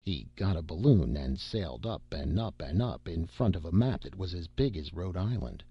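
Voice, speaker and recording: Deep, gravelly male storyteller. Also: lively intonation, moderate pace, no echo, lo-fi sound. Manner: folksy first-person storytelling, rustic grammar. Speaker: narrator. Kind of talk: audiobook reading of a classic satire.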